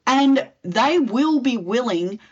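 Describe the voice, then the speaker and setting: A woman, a communications specialist answering interview questions in a direct, expressive way and acting out example lines. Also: a little high, slow, slightly rough, dull audio. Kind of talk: interview answers, expert advice.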